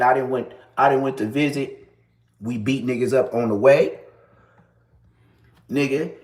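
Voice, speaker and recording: Man, 30s, casual storyteller, lively delivery, echoey room. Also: fairly high pitch. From Los Angeles area. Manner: animated, acts out other people's lines.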